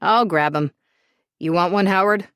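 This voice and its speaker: A woman's voice: mid-range voice, moderate pace, fairly bright tone, clear, resonant tone, no room sound, clean studio sound, natural voice. A woman voicing a cocky, teasing young man who is breezy and bossy, in a story reading. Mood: boastful.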